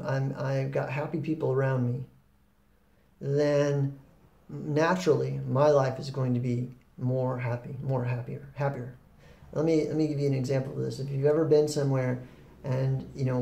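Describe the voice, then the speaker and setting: A man giving a reflective spoken talk on happiness, relaxed and rambling, with fillers and restarts. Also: medium pitch, vocal fry, reverberant. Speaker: spiritual talk host.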